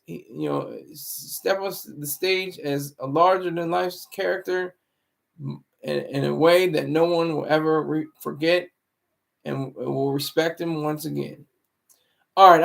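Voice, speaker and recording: A livestream commentary host, speaking from an apparent home setup, rambles and moralizes, breaking off to restart words now and then. His voice is a bit high with gravelly fry beneath it and a fairly bright tone.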